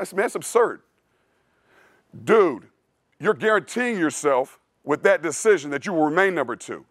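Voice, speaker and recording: A man's voice: a little high, expressive, normal speed, long pauses, no room sound, studio quality. A male strength coach giving a blunt, preachy clinic talk in a casual way, often calling listeners "dude". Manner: casual, says "dude" a lot. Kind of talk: clinic presentation.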